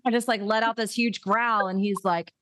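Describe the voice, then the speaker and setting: A woman's voice: mid-range voice, fairly even intonation, normal speed, fairly bright tone, no room sound, clean studio sound. A woman hosting a podcast in casual chat, chatty and laughing easily. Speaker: podcast host.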